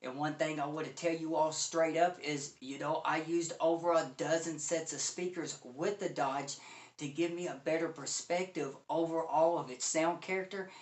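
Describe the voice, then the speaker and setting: A man giving an effusive, excited review of audio gear, talking straight to his viewers and calling them "you all" again and again. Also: a little high, normal speed, echoey room. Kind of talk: enthusiastic product review.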